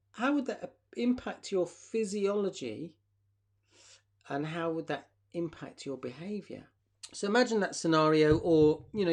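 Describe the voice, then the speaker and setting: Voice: mid-range voice, darkish tone. Workshop leader asking questions. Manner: acts out short example dialogues; asks the audience reflective questions. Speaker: therapist leading a workshop. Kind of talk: live online workshop talk.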